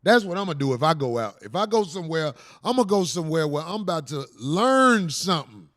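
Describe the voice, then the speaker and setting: A middle-aged man hosts a loose comedy podcast in a fairly high voice. He talks brash and profane, teasing his co-hosts and bragging about himself. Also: sing-song, fast, fairly bright tone. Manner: brash, profane, boastful ribbing. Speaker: comedian host.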